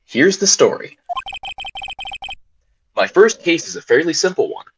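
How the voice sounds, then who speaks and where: A man's voice: fairly high pitch, sing-song, unhurried, dull audio, background noise, voice pushed up. A man voicing a nervous young defense attorney, narrating earnestly while reading a game aloud. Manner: earnest first-person narration. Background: game music.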